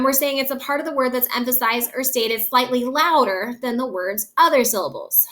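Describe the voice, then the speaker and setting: A woman teaches a recorded lesson, patiently guiding students and stretching words slowly to show which syllables are stressed. Her voice is high-pitched, pushed, and bright.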